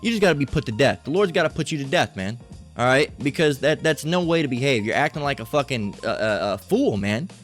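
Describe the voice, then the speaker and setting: A man's voice: medium pitch, animated, brisk, faint music behind. A man giving a profane, preachy reaction commentary, tagging many lines with "all right?".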